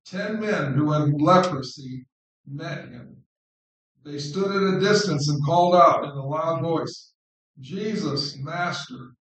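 A man preaching an informal sermon on scripture in an unhurried, conversational way, repeating words for stress. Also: a little high. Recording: very echoey room, distant mic.

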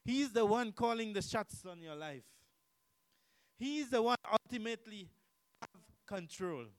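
Preacher guy, kinda high voice, asks the crowd questions, repeats himself, goes loud then quiet, dry sound. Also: lively intonation, normal speed, clear, resonant tone, dry recording, rough recording. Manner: emphatic, repetitive, rhetorical questions, swings between loud and quiet. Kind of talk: sermon.

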